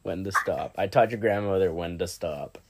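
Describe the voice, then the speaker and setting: A man's voice: sits low, moderate pace, noisy background. Joking young man on a voice call. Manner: joking, laughs between lines, trailing off. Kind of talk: casual chat during a party card game. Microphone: online voice call.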